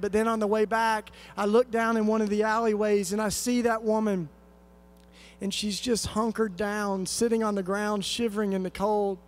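A man from East Tennessee giving an earnest, conversational sermon-style talk at a conference, telling a story with lots of fillers and restarts. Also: high-pitched. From East Tennessee, USA. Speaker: conference speaker.

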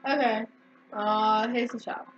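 Excitable young woman, high lively voice. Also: normal speed, muffled recording, over music. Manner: excitable and giggly. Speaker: channel host. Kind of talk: casual gameplay commentary. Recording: noisy background.

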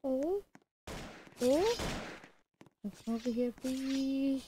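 A female gamer giving excitable live commentary over her gameplay, yelling insults at opponents. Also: high voice, drawn-out words, background noise.

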